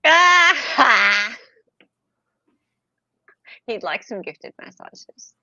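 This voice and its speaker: Playful woman with a lively bright voice. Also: a little high, very slow, no room sound, muffled recording. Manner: playful, teasing. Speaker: stream co-host. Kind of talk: live stream reaction.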